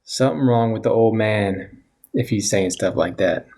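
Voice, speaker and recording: A man's voice: lowish voice, moderate pace, warm tone. A man co-hosting a casual sports podcast, laughing often and cracking jokes. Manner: laughing, wisecracking. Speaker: podcast co-host.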